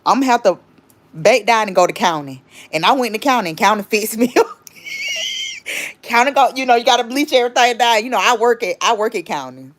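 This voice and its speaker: A woman's voice: on the high side, lively intonation, a little fast. A woman hosting a casual livestream, rambling chattily and stopping to greet and thank viewers. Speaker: livestream host.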